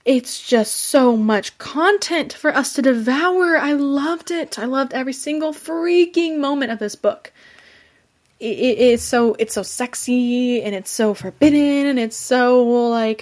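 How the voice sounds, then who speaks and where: A young woman with a fairly high voice hosts a casual book review podcast. She gushes and fangirls, talking fast and loosely with plenty of "like" and restarts. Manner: gushing, enthusiastic, fangirling; chatty with many fillers and restarts. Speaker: podcast host.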